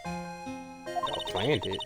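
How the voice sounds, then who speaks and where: A man voicing a brooding young male convict who talks in clipped, broken English, over game music. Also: very slow.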